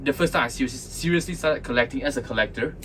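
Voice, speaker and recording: A young man co-hosting a casual podcast, telling his story in a relaxed way with frequent ums. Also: mid-range voice, rapid-fire, a little hiss or hum. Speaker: podcast co-host. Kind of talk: casual chat.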